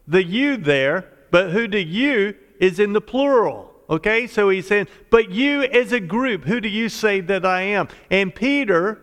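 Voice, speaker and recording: High-voiced man preaching in a reverberant hall. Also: a bit bright. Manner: explanatory Bible teaching, measured and emphatic. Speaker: pastor. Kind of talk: sermon.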